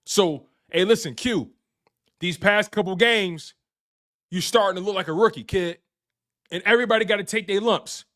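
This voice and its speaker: His high voice is a bit bright and runs at normal speed. As a sports show host on an excited live-stream recap, he's hyped, speaks directly to his chat, repeats phrases for emphasis, and handles super chats.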